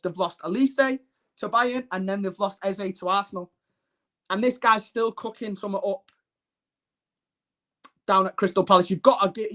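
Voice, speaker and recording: A man's voice: very high-pitched, fairly bright tone. A man hosts a live-streamed football show. He talks to his chat in a brash, mocking and emphatic way. His delivery is blunt and combative.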